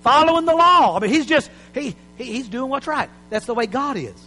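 A man preaching an impassioned sermon in a church, building to shouts. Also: extremely high pitch, expressive, fairly quick, big-room sound, poor audio.

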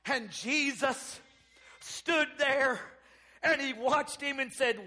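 A male pastor delivers a church sermon in a strikingly high, bright, forceful voice. He peppers his preaching with amens and moves between hushed lines and loud, ringing ones. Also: slow pace. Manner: preaching with call-and-response amens, swinging from soft to loud.

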